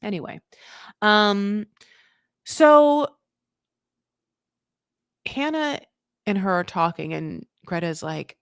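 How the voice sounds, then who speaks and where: A woman's voice: mid-range voice, very animated, slow pace, pauses often, smooth, dry recording, studio quality. A woman hosting a casual reality TV recap, chatty and swearing freely as she acts out what people said.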